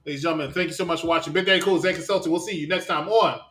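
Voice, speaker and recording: A man hosting a wrestling review show, calmly giving his take and reading the sign-off in a measured, announcer-like way. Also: a little high, roomy sound. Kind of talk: casual chat and show sign-off.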